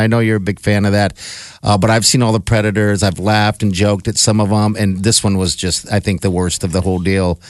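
A man with a fairly low voice hosts a radio talk show, rambling through his thoughts with plenty of ums and restarts. His voice sits dry and close on the mic. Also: dry recording. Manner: rambling, hesitant, lots of ums. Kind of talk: casual radio show chat.

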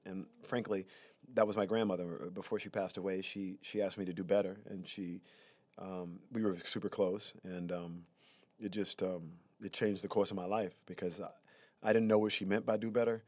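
A man, from Alabama, talks as a guest in an interview. His voice sits low and sounds dry and close to the mic, and he tells personal stories with animation, acting out other people's lines. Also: moderate pace, dry recording. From Alabama, USA. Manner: animated storyteller who slips into acted voices. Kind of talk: storytelling interview conversation.

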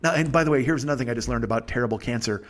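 A man's voice: mid-range voice, rapid-fire. A man hosting a podcast, telling a rambling, profane comic story and laughing as he goes. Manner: profane, digressive, laughs through his stories. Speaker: podcast host.

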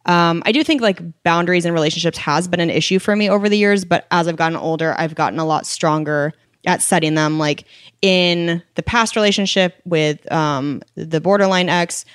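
A woman's voice: lowish voice, steady tone, normal speed, clean tone, no echo, studio quality. A woman co-hosting a podcast, speaking in frank, reflective casual chat and lightly poking fun at herself. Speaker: podcast co-host.

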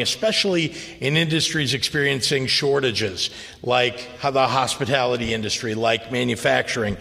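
A man, a governor, giving official public remarks in a measured, earnest way. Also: medium pitch, bright, forceful tone, dry recording.

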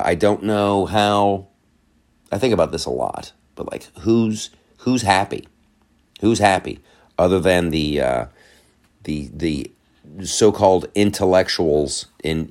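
A man hosting a podcast, giving casual political commentary in a sarcastic tone, repeating phrases and laughing at his own points. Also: deep voice. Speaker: podcast host.

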